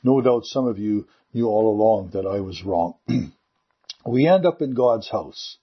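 A pastor delivering a sermon and leading a prayer in an earnest, measured way. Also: male voice, fairly low pitch, lively intonation, husky, lo-fi sound.

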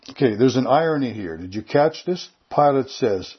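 A man's voice: medium pitch, animated, moderate pace, hardly any pauses, husky, dull audio. A man preaching a sermon in an earnest, emphatic way, repeating his key points. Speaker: pastor.

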